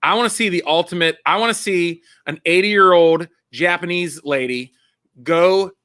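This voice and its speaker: High, bright-voiced excitable man. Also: moderate pace, clear, resonant tone, no room sound, clean studio sound. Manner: excitable, laughing storyteller. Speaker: guest comedian. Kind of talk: casual chat.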